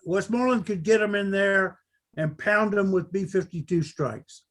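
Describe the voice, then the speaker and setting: A man in his seventies, a veteran telling his account of a battle, halting often with fillers. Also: high voice, noisy background. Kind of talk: unscripted recollection.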